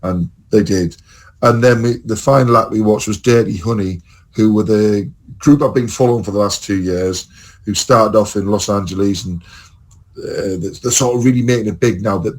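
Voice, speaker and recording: A man's voice: lowish voice, low-quality recording. A man telling long, rambling, sweary stories as a podcast host in casual chat.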